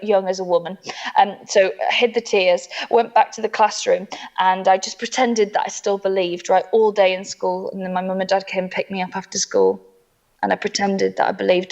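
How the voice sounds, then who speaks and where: A woman comedian telling a funny personal story, animated and laughing through it, acting out the voices of the people in it. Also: mid-range voice, highs cut off. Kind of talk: comic storytelling.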